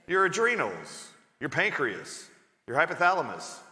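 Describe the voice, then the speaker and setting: A man's voice: fairly high pitch, wildly swooping pitch, measured pace, pushed and bright, long reverb tail. A man on a conference panel speaking as a practitioner, emphatic and incredulous. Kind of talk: live conference panel talk. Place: conference stage.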